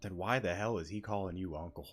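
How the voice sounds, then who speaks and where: Joking streamer man, low voice. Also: fast, soft background music. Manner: joking, crude asides. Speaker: streamer playing a game. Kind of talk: casual gameplay commentary.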